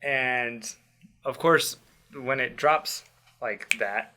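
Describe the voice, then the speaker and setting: A young man casually telling a personal story, acting out quotes and dropping quiet in tense moments. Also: medium pitch, very slow, background noise. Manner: animated, acts out quotes loudly then drops to quiet. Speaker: podcast host telling a story.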